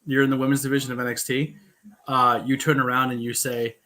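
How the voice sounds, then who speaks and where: A man co-hosting a casual live watch-along, relaxed and opinionated, with quick bursts of speech. His voice sits at a medium pitch and has a bright, forward edge. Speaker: podcast co-host.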